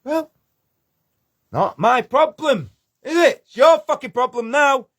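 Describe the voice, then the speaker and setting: A man's voice: very high-pitched, expressive, takes it slowly, a bit bright. A man ranting angrily to camera, swearing and confrontational. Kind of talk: angry video rant.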